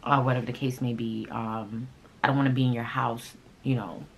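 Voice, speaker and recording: A young woman whose first language is Haitian Creole, telling a personal story in a casual, animated way, with sudden loud outbursts and asides to viewers. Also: extremely low pitch, a little fast, slight background noise. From Haitian family. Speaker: vlogger.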